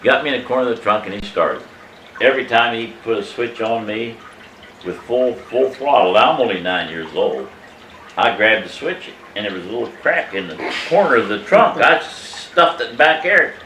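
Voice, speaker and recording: A man in his eighties telling a family story from his childhood in a casual, animated way, emphatic and salty, chuckling as he goes. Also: mid-range voice, moderate pace, slight background noise. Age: 80s. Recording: echoey room, mic at a distance.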